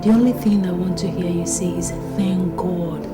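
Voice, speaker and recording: An actress playing a caring young woman who calms and encourages her friend, in a film scene. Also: fairly low pitch, moderate pace, close to an everyday voice. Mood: firm. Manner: soothing then firmly encouraging. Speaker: friend attending a birth. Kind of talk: film acting. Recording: echoey room under loud music.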